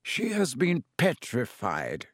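A man voicing a calm, wise old male headmaster who speaks softly and firmly. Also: medium pitch, no room sound, studio quality, exaggerated voice. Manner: slow, soft-spoken, firm.

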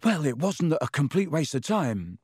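A man's voice: on the high side, big pitch swings, normal speed, a little mellow, breathy edge, no room sound, clean studio sound, voice pushed up. A man doing a breathless eager schoolboy. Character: panting, eager schoolboy friend.

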